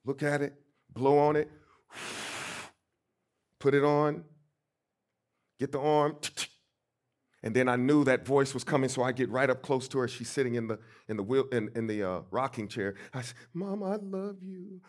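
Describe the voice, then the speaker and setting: A middle-aged man from St. Louis, a pastor giving a storytelling sermon, emphatic and swinging between soft and loud. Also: medium pitch, level tone, moderate pace, long pauses. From St. Louis, USA.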